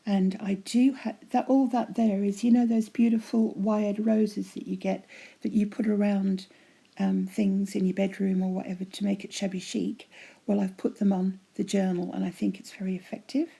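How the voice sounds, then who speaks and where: A chatty woman with a voice going hoarse, gushing over her handmade crafts in a casual show-and-tell at home, often dropping to a breathy half-whisper. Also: medium pitch, flat delivery, moderate pace, dark tone. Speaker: craft vlogger showing giveaway prizes.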